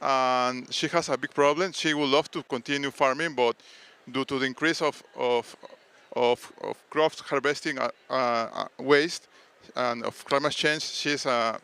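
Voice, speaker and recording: A man from Peru, a startup founder giving a conference pitch with many hesitations and restarts. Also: steady tone, unhurried, pushed and bright, clean tone. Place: conference stage.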